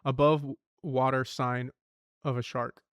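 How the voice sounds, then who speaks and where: A man's voice: mid-range voice, little pitch movement, a little slow, clear, resonant tone, dry recording, clean studio sound. A young man streaming himself solving word puzzles, thinking aloud, swearing and muttering clues to himself.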